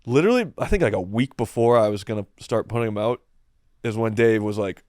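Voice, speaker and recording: Young male podcast guest, casual rambling storyteller, self-deprecating, smooth clear voice, dry close sound. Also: on the low side, fairly quick, darkish tone, dry recording.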